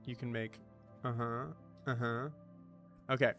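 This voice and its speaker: A man with a bright, forward voice rambles casually through a let's-play, swearing now and then and chatting to the items he is sorting. Soft music plays faintly behind him. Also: mid-range voice, normal speed, pauses often. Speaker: gaming streamer.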